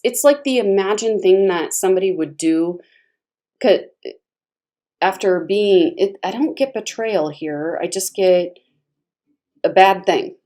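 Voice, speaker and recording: A woman gives a casual tarot reading in a mellow, warm voice. She is chatty and expressive, laughing often and talking as if to a friend. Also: mid-range voice, a little slow, pauses often. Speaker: tarot reader.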